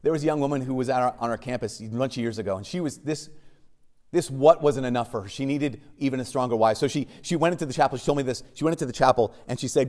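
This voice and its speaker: A man, a Catholic priest, preaching a sermon with wry asides, swinging from urgent questioning to hushed emphasis. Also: medium pitch, quick pace.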